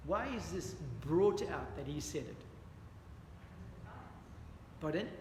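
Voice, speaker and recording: Bible study teacher, male, high voice, echoey hall with long reverb, faint background ambience. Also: expressive, takes it slowly, a little mellow, slight background noise. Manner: earnest, questions the audience, repeats "dear friends". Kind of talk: interactive Bible study lesson.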